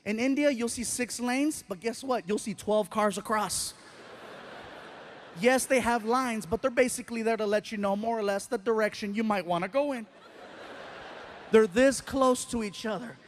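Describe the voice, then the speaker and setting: A man doing a stand-up comedy routine on a live stage, animated and acting out scenes with sound effects. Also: high voice, normal speed, a little hiss or hum.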